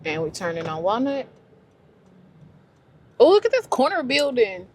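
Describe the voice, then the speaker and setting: A woman's voice: fairly high pitch, big pitch swings, unhurried, slight background noise. A woman, talking to herself on a casual, emotional solo travel vlog from her car. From Louisiana, US. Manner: chatty, emotional, talks to herself. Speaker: vlogger. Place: in a car and a restaurant.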